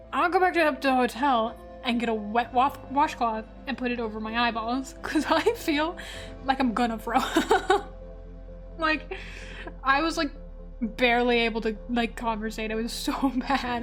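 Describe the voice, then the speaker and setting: Woman streamer, high voice, swears freely, laughs through her story, faint music behind. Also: moderate pace. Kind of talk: casual storytelling while drawing on stream.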